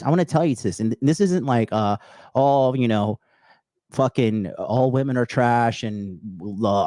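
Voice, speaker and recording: A man's voice: medium pitch, a little mellow, no room sound, clean studio sound. Blunt, foul-mouthed male livestream host. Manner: blunt and profane, heavy swearing; addresses viewers as bros, reads chat aloud. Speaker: livestream host giving dating advice. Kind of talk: unscripted livestream rant.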